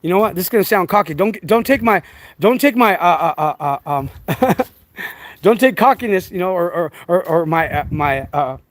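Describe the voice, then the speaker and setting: A man's voice: a little high, expressive, normal speed, slight background noise. A man talking casually to camera about raising his dogs, rambling and preachy, with many restarts and fillers, outdoors. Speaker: dog breeder.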